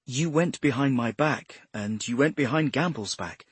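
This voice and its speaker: A man voicing a composed, diplomatic female detective inspector, raising his pitch, in a husky voice. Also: normal speed, dry recording. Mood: stern.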